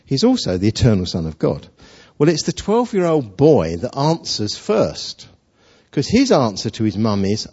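A man's voice: medium pitch, wildly swooping pitch, normal speed, mellow, husky. A male preacher giving a sermon, telling a story in a chatty way full of rhetorical questions. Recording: dull lo-fi sound.

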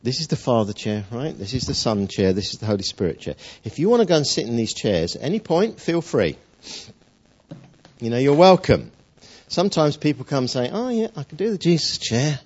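A man preaching a sermon, his pitch rising and falling in lively swings. He tells stories with playful jokes and drawn-out pauses, his voice husky. The recording sounds dull and lo-fi. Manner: warm storytelling, playful jokes, dramatic pauses.

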